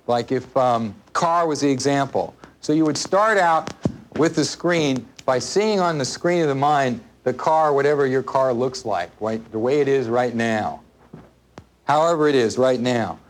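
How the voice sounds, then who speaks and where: A man's voice: mid-range voice, a little slow, slight background noise. A man teaching a live seminar to an audience in a room, speaking casually, repeating his points and asking the listeners questions. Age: adult, parent of a small child. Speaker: workshop instructor.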